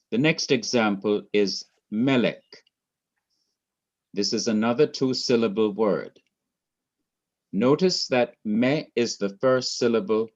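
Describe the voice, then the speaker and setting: A man teaching a Hebrew grammar class, explaining slowly and carefully with much repetition. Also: lowish voice. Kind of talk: recorded class lecture. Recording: dull lo-fi class recording.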